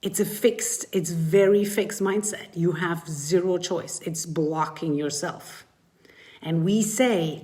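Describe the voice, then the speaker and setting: Her voice sits low and her pace is slow as this middle-aged woman coaches mothers on a live stream. Acting out emotions for viewers, she lets her pitch swoop in an animated way.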